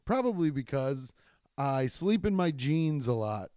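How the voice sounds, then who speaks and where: A man's voice: medium pitch, very animated, a little slow, a little mellow, clear, resonant tone, no echo, clean studio sound. A man, a stand-up comedian, telling rambling, profane stories in a casual chat with many restarts. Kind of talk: casual storytelling podcast.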